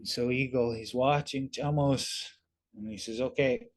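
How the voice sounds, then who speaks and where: A man telling a traditional story in a relaxed, conversational way over a video call, using many fillers like "kinda". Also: medium pitch, measured pace. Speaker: storyteller and webinar presenter. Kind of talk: casual oral storytelling.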